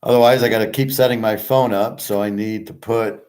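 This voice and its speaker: A man with a somewhat low voice chats loosely to his viewers. His talk wanders from one thought to the next in an easy conversational way, and he speaks directly to a listener. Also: steady tone, fairly quick, darkish tone. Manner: rambling and conversational, talks straight to a listener. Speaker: channel host. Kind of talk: casual rambling chat to viewers.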